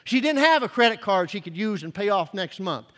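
A man with a high voice preaches a sermon in a church sanctuary, his words ringing with a long reverb. He is animated, tripping over restarts and swinging between loud bursts and soft asides. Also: fairly quick. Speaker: pastor.

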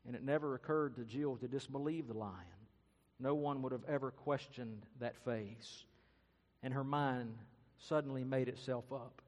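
A man's voice: mid-range voice, moderate pace, in a large hall. A man preaching a sermon and telling a story earnestly and dramatically. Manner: earnest, dramatic, varies loudness and pace. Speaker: pastor.

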